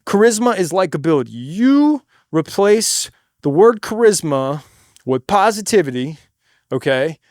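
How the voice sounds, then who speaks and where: High-voiced man giving laid-back, slangy stage advice. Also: sing-song, measured pace, no echo, clean studio sound. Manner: demonstrates stage patter by suddenly getting loud. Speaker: singer in a cover band. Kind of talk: casual advice monologue.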